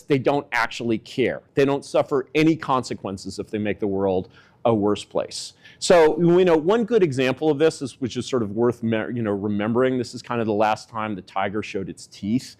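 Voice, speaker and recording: Rambling man, lots of filler words. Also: moderate pace. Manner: animated pitch swings for emphasis. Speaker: political commentator. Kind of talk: casual spoken commentary.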